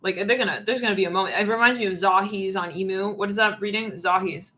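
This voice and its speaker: Woman tarot reader, casual channeled monologue, animated, bright tone. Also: mid-range voice, fast, rough recording. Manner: animated, acts out quoted voices and laughs.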